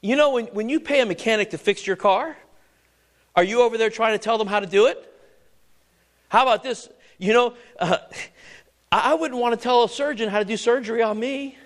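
A man preaching a sermon. He reads scripture slowly, asks his listeners rhetorical questions and builds to loud, emphatic exhortation. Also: extremely high pitch.

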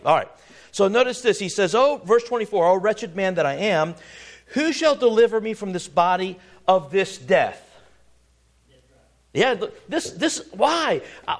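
A man preaching a sermon, reading scripture aloud and pressing his points with repeated words and questions to the congregation. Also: high voice.

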